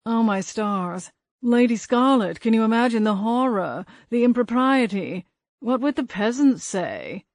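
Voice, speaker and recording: A cheeky ghost cat putting on a prissy gentleman's voice to mock him, theatrical and high-pitched, as a woman narrator plays him. Recorded close and dry. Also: lively intonation, measured pace, dry recording. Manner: mocking, theatrical. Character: ghost cat mocking a prim English gentleman.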